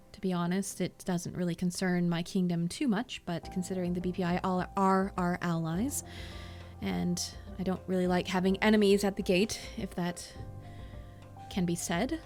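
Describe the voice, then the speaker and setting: Woman voicing a regal queen, measured, dignified, slightly low voice, faint background music. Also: close to an everyday voice. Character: composed regal fairy queen, kind but stern.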